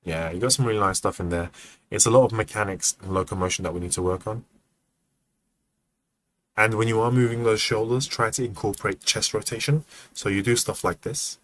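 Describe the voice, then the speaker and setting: A man with a low voice runs an animation feedback livestream in a relaxed, chatty way. He thinks aloud with plenty of ums and acts out poses as he goes. There is a faint hiss of noise behind him. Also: a little fast. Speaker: animation mentor reviewing student work.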